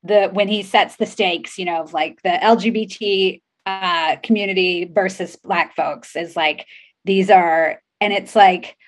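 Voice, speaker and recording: A woman's voice: medium pitch, fairly even intonation, measured pace. A woman co-hosting a podcast in casual political chat, rambling with many fillers. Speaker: podcast co-host.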